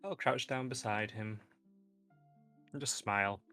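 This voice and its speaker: A man playing a tabletop game who speaks calmly and deliberately. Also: lowish voice, soft background music. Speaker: player.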